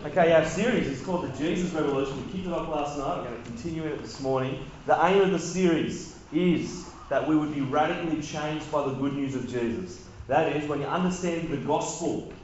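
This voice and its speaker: Joking youth pastor in an echoey hall. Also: male voice, mid-range voice, dull audio, a little hiss or hum. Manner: conversational, joking with the audience. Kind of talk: sermon to teenagers.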